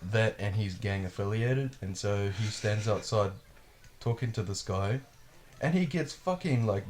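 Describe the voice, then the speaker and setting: A man hosting a podcast, telling a wild story in a casual, profane, animated way. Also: lowish voice, a little slow. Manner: profane, animated, acts out quotes. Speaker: podcast host.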